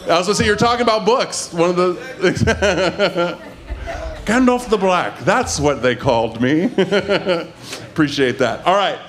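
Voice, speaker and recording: A man's voice: sits high, expressive, moderate pace. A man hosting a comedy night, energetically introducing comics between sets on a club stage. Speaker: comedy show host. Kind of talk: emceeing.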